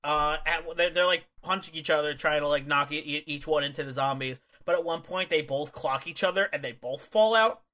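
High, bright-voiced man chatting casually. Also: brisk, hardly any pauses. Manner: rambling, restarts, acts out quotes in a higher voice. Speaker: podcast co-host. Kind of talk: casual chat.

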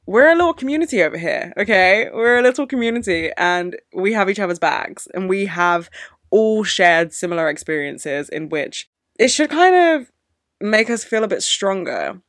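A young woman in her twenties talks straight to her listeners in a casual solo podcast. Her delivery is candid and animated, and she swears freely. Her voice sits in a middle pitch and sounds close and dry. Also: moderate pace, dry recording. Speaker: podcast host.

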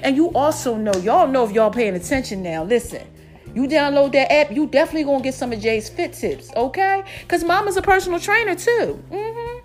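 A high-pitched woman from South Jersey hosts her own show in a loose, chatty monologue. She is playful and sassy, and she swoops up and down as she talks. Faint music plays behind her. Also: lively intonation, a little fast. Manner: playful, sassy, calls listeners "y'all" and "babies", refers to herself as Mama. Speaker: podcast host. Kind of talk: casual podcast monologue.

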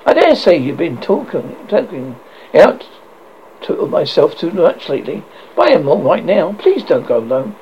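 A man's voice: a little high, huge pitch swings, moderate pace, dull audio, slight background noise. A man voicing a shaken, nervous young male student in a horror story reading, jittery and self-reproaching.

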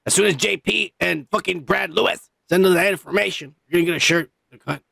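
A podcast host, a man who is high, rambling loosely in casual chat and swearing a lot. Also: quick pace, creaky, sharp tone, breathy edge, dry recording. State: high on cannabis.

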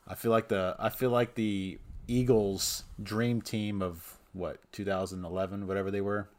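Guy venting on a podcast, bit low voice, keeps laughing at how annoyed he is. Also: fairly even intonation, normal speed, a little mellow. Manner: frustrated ranting, laughs at himself. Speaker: podcast co-host. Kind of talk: casual podcast banter.

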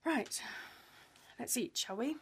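A woman's voice: a little high, animated, slow, breathy edge, exaggerated voice. An actress playing a woman unnerved by a stalker, frank and blunt in her speech, in a radio drama. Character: rattled woman harassed by a stalker.

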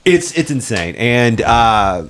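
A man's voice: mid-range voice, big pitch swings, slow pace, a bit bright, a little hiss or hum. Rambling, swearing man chatting about films. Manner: rambling, heavy on "like" fillers and swearing; laughs often while retelling scenes. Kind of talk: casual film chat.

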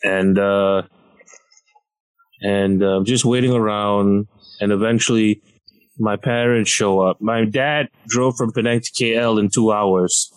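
A man casually telling a funny story on a podcast, lively and acting out the people in it. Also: slow pace, smooth, low-quality recording. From Malaysia. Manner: animated, acts out quoted people with big pitch jumps.

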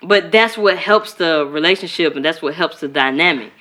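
A woman from Chicago co-hosting a podcast in casual chat, animated and profane, acting out quoted voices. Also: low voice, normal speed. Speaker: podcast co-host.

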